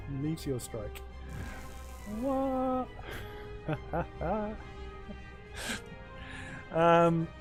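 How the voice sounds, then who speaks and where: A man's voice: mid-range voice, darkish tone. A man hosting a let's play, commenting casually on his moves with wry, self-deprecating asides as he thinks aloud. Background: faint game music.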